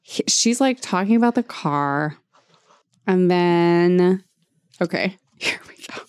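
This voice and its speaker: A young woman with a lowish voice that swings widely in pitch, chatting and reading aloud with lots of giggles. She swears freely and leans into dramatic delivery. The sound is dry and close. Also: lively intonation, slow, a little mellow, smooth, no echo. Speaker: podcast co-host reading a book aloud. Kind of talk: casual chat and dramatic reading.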